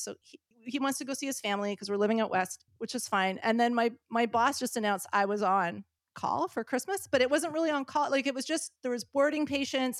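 This is a woman in her fifties with a fairly high voice, telling a story as a podcast guest. She is animated and laughs often, and she acts out the lines of the people in her story. The sound is dry and close. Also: dry recording. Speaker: podcast guest, veterinary surgeon. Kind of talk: casual storytelling chat.

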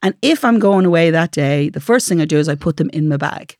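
A woman's voice: sits low, lively intonation, brisk, a little mellow, dry recording, clean studio sound. An Irish woman co-hosting a podcast, chatting wryly and laughing often. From Ireland. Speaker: podcast co-host. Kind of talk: casual chat.

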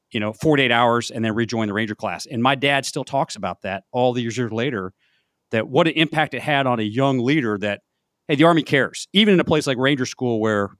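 A man's voice: medium pitch, a bit bright, no room sound, clean studio sound. An older man, a retired colonel, hosting an interview in a conversational, affirming way. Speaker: podcast host, retired colonel.

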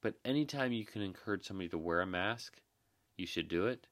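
Tired young guy podcasting, super low gravelly voice, dry close sound, earnest and rambly. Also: a bit bright, no room sound. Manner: earnest, reassuring, rambling with many fillers. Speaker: podcast host, emergency manager. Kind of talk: casual podcast monologue.

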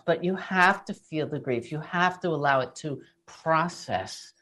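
A woman's voice: low voice, measured pace, hardly any pauses, a bit bright. A woman hosting an interview, affirming and empathetic toward her guest. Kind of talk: conversational interview.

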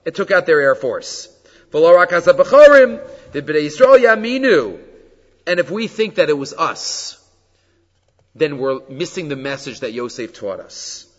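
Male Torah teacher, high voice, lively storyteller, dull recording with long hall reverb. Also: measured pace. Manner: animated storytelling, mixing Hebrew quotes with English explanation. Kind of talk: Torah class on the weekly portion.

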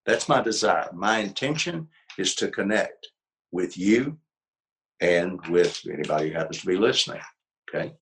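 A man's voice: low voice, expressive, moderate pace, a bit bright, rough recording. An older man, a psychologist guest, explaining ideas in a reflective, emphatic teaching tone during an interview. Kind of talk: conversational interview.

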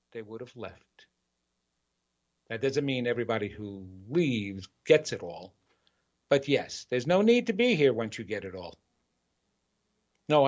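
An earnest man delivers a motivational spiritual talk as a show host, circling back to key phrases for emphasis. His mid-pitched voice comes through a dull, lo-fi recording. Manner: earnest, repetitive, building emphasis.

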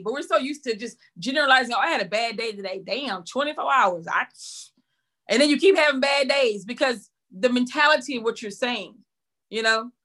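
A woman in her forties, a teacher and speaker, chatting as an interview guest with energy and jumping in pitch when she quotes people. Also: pushed and bright. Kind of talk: casual interview chat.

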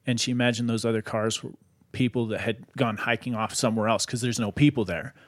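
Male podcast host, conversational storyteller, lively, loose delivery. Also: medium pitch, a little fast. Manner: animated, lots of "like" fillers. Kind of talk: casual storytelling.

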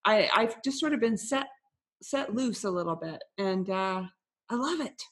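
A woman's voice: mid-range voice, lively intonation. A woman hosting a podcast, chatting in an upbeat, talkative way. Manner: upbeat, chatty, quick to laugh. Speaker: podcast host. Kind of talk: casual podcast chat.

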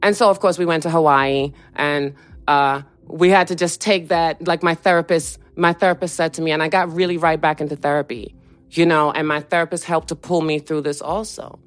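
A woman being interviewed, telling a personal story in an animated way and acting out what other people said to her. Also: low voice, brisk, no echo, faint music behind. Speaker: interview guest.

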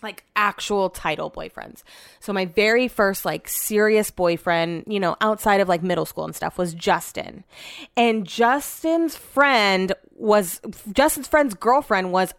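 A woman's voice: mid-range voice, measured pace, no echo, studio quality. A young woman, hosting a podcast and telling stories in a chatty way, full of fillers and swearing. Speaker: podcast host. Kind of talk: casual chat.

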